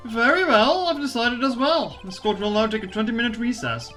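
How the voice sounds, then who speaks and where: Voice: mid-range voice, expressive, brisk, bright, forceful tone, faint music behind. A streamer voicing a stern older male judge from a visual novel game, reading the lines formally and stiffly, with a few stumbles.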